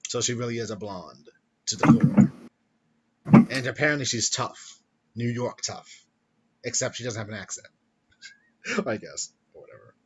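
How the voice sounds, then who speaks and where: A man hosting a casual podcast chat, playful and quick to laugh, recap-style talk. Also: mid-range voice, expressive, a little hiss or hum. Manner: playful, laughs often, slips into silly voices. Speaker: podcast host.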